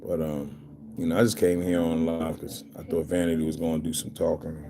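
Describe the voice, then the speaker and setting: A man's voice: rumbling low, little pitch movement, brisk, noisy background. A young man from Philadelphia with a Philly accent, rambling casually and talking straight to viewers on his livestream. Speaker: livestream host.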